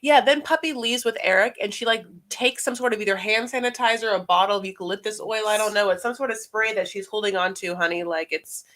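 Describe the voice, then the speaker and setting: A woman's voice: mid-range voice, fast, hardly any pauses, fairly bright tone. A woman co-hosting a podcast, recapping a reality show in a rambling, playful way with many fillers. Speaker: podcast co-host. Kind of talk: casual reality TV recap chat.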